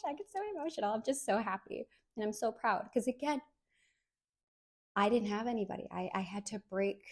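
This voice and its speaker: A woman's voice: medium pitch, darkish tone. A woman in her thirties hosting a solo podcast, talking in an earnest, heartfelt way and repeating words for emphasis. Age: 30s. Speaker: podcast host.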